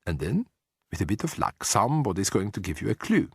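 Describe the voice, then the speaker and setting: A man voicing a prim, deliberate elderly grandmother in an audiobook. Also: fairly low pitch, very animated, gravelly, breathy edge, no room sound, clean studio sound, exaggerated voice. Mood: gentle. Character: brisk proper elderly grandmother. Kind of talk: audiobook character voice.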